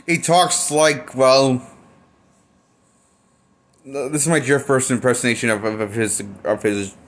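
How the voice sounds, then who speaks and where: A man's voice: mid-range voice, steady tone, a little slow, a bit bright. Blunt, rambling male movie critic. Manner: blunt, profane and rambling, with frequent restarts. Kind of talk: casual film review.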